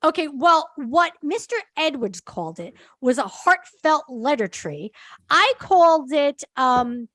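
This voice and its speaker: A woman hosts a podcast, giving a casual chat recap in a measured, earnest way with frequent "um"s and agreeing "yeah"s. Her voice is high-pitched, sing-song and a bit bright, with no room sound.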